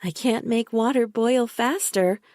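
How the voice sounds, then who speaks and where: Woman narrator doing a cloying controlling woman, high sugary voice, syrupy and condescending, dry close sound. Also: measured pace, darkish tone, dry recording, close to an everyday voice. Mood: sickly sweet.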